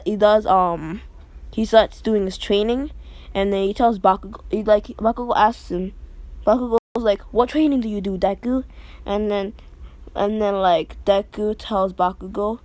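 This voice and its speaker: A woman's voice: mid-range voice, a little mellow, no echo. A woman improvising a fan story, rambling, heavy with fillers and restarts.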